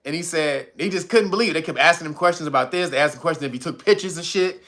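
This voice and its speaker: A slightly high-voiced man talks quickly through a story in casual commentary. Animated and profane, he acts out the quotes of the people involved.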